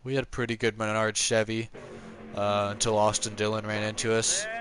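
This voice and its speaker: A man doing a low, quiet, monotone impression of a soft-spoken male race car driver during a game stream. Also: brisk, lightly acted. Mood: deadpan.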